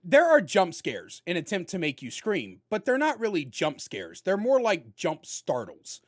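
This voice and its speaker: A man giving a casual spoken video game review, talking loudly with jokes and animated delivery. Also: high-pitched, a little slow. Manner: loud, animated and joking.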